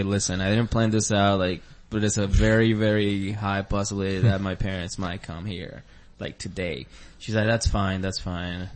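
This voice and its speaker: A young male comedian tells a long anecdote in casual chat with friends. His voice sits fairly low. He wanders through it with fillers, restarts and little acted-out quotes. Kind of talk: casual storytelling among friends.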